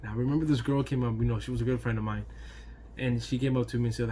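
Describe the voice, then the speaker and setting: A man's voice: medium pitch, fairly even intonation, rapid-fire, mellow, a little hiss or hum. Chatty man telling a story. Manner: loose and chatty, laughs between lines, swears casually; fills talk with "you know" and "right?". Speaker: YouTube storyteller. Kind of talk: casual storytime vlog.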